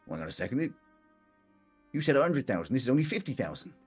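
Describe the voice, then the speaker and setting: A man's voice: mid-range voice, sing-song, fast, slightly rough, faint music behind, pitched above the performer's own voice. A man voicing an indignant, pushy male trader who blusters and insists during a haggle.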